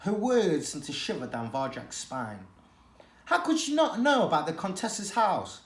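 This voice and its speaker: A teacher's mid-range voice rises and falls a great deal while reading a children's novel to listeners in an expressive, dramatic way. The pace is normal, and there's a clear echo in the room.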